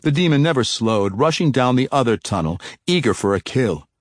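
A man narrating a fantasy audiobook in a measured, steady storytelling manner on a close mic. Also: mid-range voice, no echo.

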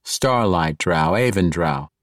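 A man voicing a courtly, persuasive male dark elf rogue who speaks in polished, ornate phrases. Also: low voice, lively intonation, slow, no echo, studio quality. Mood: smooth diplomatic.

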